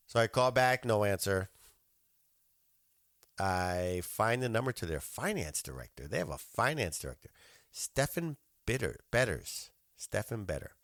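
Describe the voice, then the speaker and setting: A man telling a story on his podcast in a loose, cursing rant, his lowish voice swinging up and down as he gets worked up. He acts out both sides of the phone calls in his own voice. The sound is close and dry, with no room behind it. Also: very animated, unhurried, a bit bright, no echo. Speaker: podcast host.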